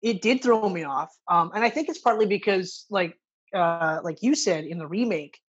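A woman in a relaxed film chat, swearing freely and acting out lines from the movie. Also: fairly low pitch, moderate pace, husky, muffled recording. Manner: casual, swears often, acts out movie lines. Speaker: podcast co-host. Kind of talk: casual movie review chat.

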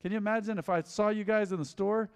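Male pastor, slightly high voice, animated conversational sermon, long hall reverb. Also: fast, clean tone. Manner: animated, conversational preaching with repetition. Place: church hall.

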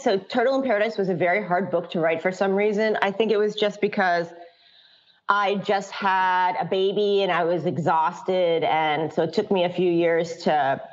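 Chatty, laughing middle-aged woman author. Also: lowish voice. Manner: chatty and frank, laughs often, many restarts. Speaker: children's book author, guest. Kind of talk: casual interview conversation. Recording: dull lo-fi audio.

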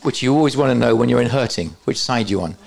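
A man's voice: medium pitch, lively intonation, quick pace, creaky, a little mellow. A man teaching at a church conference, with joking, self-deprecating asides to the audience. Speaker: preacher.

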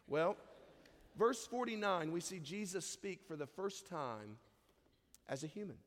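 A man's voice: sits high, long reverb tail. A man preaching a sermon in a conversational way, reading scripture and briefly acting out the people in the story. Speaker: pastor.

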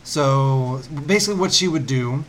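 A man's voice: medium pitch, expressive, normal speed. Man in his 30s, casual podcast co-host, rambling, fillers, faint room noise. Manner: rambling with many fillers and restarts. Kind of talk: casual chat.

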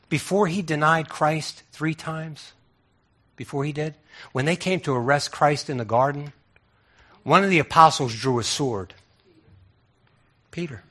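With a slightly high, fairly bright voice, a man delivers a sermon in a conversational style. He asks many rhetorical questions and often starts his phrases over.

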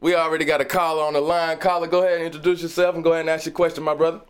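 A man's voice: fairly high pitch, flat delivery, rapid-fire, clear, resonant tone. A man hosting a radio show in casual banter, upbeat as he brings on callers and guests. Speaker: radio host.

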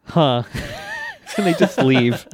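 A man's voice: medium pitch, unhurried, background noise. Laughing man retelling anime scenes. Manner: animated retelling, acting out character lines, laughs often. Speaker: podcast co-host. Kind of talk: casual anime recap chat.

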